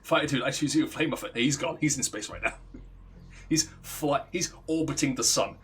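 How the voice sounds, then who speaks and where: A man's voice: mid-range voice, moderate pace, fairly bright tone, slight background noise. A man, a let's play streamer, casually telling a rambling, profane story while gaming and laughing at his own jokes.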